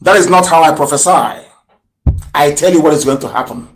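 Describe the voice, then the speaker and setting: A man with a high-pitched voice hosts a fiery political broadcast. He hammers away with rhetorical questions, rising to shouts and then dropping to low mutters. The recording has a roomy echo around him. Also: fairly quick. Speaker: radio broadcaster.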